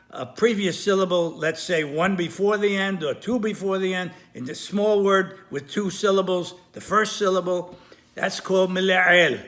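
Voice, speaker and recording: A man giving a recorded lesson, explaining carefully with repetition, pauses and small self-corrections. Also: high-pitched, pushed and bright. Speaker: Torah teacher. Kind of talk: recorded lesson on Hebrew grammar.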